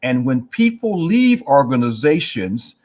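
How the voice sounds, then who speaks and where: A man's voice: medium pitch, very animated, unhurried, dark tone. A man in his sixties from East Texas, a guest telling a story in an interview and acting out the voices of people he quotes. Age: 60s.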